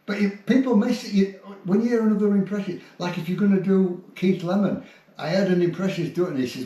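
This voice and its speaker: Older guy telling showbiz yarns, fairly high voice, swears a lot, sounds far off in a big echoey room. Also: fast. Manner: animated, swears freely, slips into impressions. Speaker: hypnotist and entertainer. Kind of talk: casual showbiz storytelling chat. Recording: roomy echo, distant from mic.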